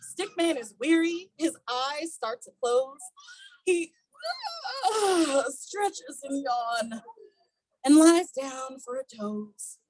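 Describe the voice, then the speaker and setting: A woman reading a children's picture book aloud at a community event, animated and coaxing the young audience to join in. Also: high voice, slow, no echo, rough recording.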